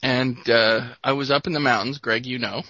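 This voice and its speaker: A man's voice: medium pitch, steady tone, normal speed, pushed and bright, no room sound, muffled recording. A man co-hosting a casual podcast, telling rambling, enthusiastic stories. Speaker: podcast co-host. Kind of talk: casual chat.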